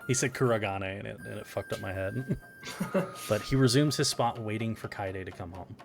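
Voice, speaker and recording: A man's voice: lowish voice, normal speed, gravelly. A man narrating and explaining the rules as the game master of a tabletop role-playing game. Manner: relaxed, explanatory narration with chuckles. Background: music.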